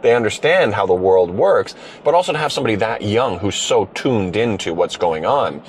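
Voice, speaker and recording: A man's voice: on the low side, animated, normal speed, slight background noise. A man hosting a casual conversation, telling a story animatedly with plenty of fillers and restarts. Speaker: host. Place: car driving through a city.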